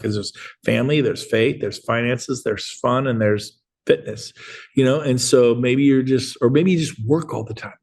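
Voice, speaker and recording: A middle-aged man who coaches real estate agents, giving an energetic, rambling motivational talk on a group video call and acting out bits of dialogue. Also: medium pitch, normal speed.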